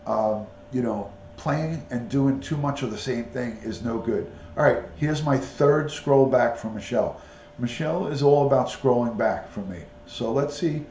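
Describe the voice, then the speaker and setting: A man's voice: mid-range voice, vocal fry, a little mellow, reverberant, a little hiss or hum. A man hosting a casual live stream, chatting with viewers and coaxing his parrot to talk.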